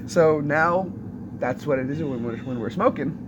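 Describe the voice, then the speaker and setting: A man hosting a casual livestream chat outdoors and telling animated stories with frequent laughs. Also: fairly high pitch, normal speed, dull audio, noisy background. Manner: animated storyteller, laughs often. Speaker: livestream host. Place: outdoors on private property.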